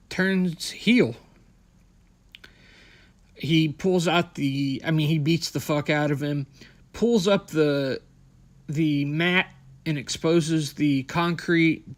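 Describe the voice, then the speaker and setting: A young man hosting a podcast, recapping wrestling in a blunt, sarcastic, profane way. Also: fairly high pitch. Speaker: podcast host.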